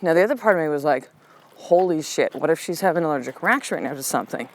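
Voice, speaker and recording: A middle-aged woman, a podcast host and coach, telling a personal story in a candid, animated way that turns soft and slow for calm affirmations. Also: low voice, poor audio.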